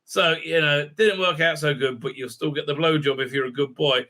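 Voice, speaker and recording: A man's voice: fairly high pitch, a little fast, few pauses, sharp tone. Rambling man recapping a show. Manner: rambling, acts out characters' lines; many filler sounds and restarts. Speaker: host. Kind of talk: casual recap and review.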